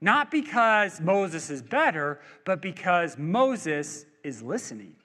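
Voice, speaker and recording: A male pastor preaching in a chatty, joking way, his high voice leaping up and down with energy. He asks the crowd questions. A long church-hall reverb trails after each phrase. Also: very animated, slow pace, sharp tone. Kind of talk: sermon. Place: church sanctuary.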